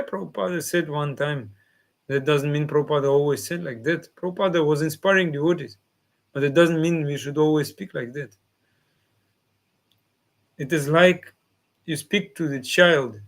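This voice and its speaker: A man giving a devotional class in simple, non-native phrasing, often acting out the replies of his listeners. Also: fairly high pitch. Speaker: spiritual teacher.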